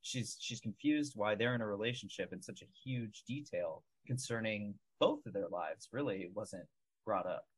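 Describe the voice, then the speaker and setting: A man with a somewhat low, husky voice discussing a movie on a podcast. He talks things through analytically, stringing together longer points about characters. The sound is dry, with no room echo. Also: expressive, normal speed. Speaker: film podcast co-host. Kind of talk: casual film discussion.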